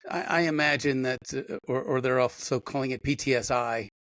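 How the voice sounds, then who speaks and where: A man's voice: mid-range voice, fairly even intonation, fairly quick, fairly bright tone, dry recording. A man hosting an interview over a video call, speaking in a supportive and reflective way. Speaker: host. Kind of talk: conversational interview.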